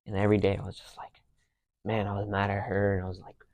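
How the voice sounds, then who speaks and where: A man's voice: lowish voice, monotone, fast, creaky, darkish tone, no room sound. A young man hosting a podcast, telling personal stories in a casual, slangy way. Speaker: podcast host.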